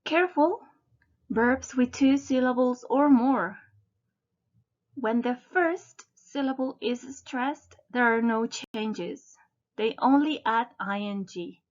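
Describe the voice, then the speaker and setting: A woman slowly and deliberately narrating a scripted English grammar lesson, spelling out word endings letter by letter. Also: a little high, highs cut off. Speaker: English teacher.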